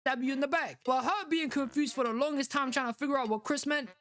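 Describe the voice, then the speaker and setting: A man from London with a London accent giving scripted comedic commentary, incredulous and jumping up in pitch on his punchlines. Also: fast talker. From London, England. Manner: animated, incredulous, rises sharply on punchlines. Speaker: video narrator. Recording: voice-over with music underneath.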